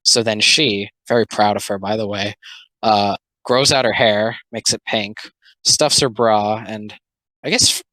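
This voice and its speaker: Bright, rambling young commentator voice. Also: mid-range voice, steady tone, no echo, low-quality recording. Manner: rambling, loaded with "like" fillers, sarcastic asides; voices comic characters in quick mocking quotes. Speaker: video commentator. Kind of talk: casual comic commentary.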